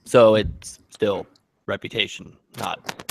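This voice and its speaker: A man's voice: lowish voice, slow pace, vocal fry, a little mellow, slight background noise, low-quality recording. A man in casual livestream chat, blunt and heavily profane.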